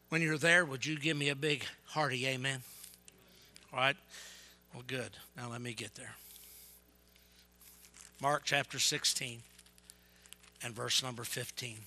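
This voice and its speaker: A man evangelist preaching a sermon, telling stories with energy and yelling to get his point across. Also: mid-range voice, unhurried, long pauses, a little hiss or hum. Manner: yells and gets fired up; animated storytelling.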